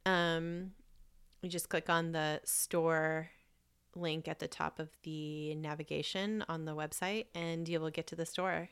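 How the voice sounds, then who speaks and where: A woman co-hosts a podcast in loose, frank chat, giggling easily and swearing now and then. Her voice sits on the low side but sounds bright. It comes across smooth and crisp. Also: steady tone, measured pace. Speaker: podcast co-host. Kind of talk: casual chat.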